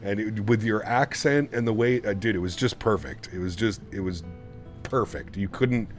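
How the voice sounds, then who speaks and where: Soft music plays behind a fairly low-pitched man speaking at normal speed. He's flying a simulator live from his home rig, chatting loosely with his audience, wandering off topic and laughing frequently.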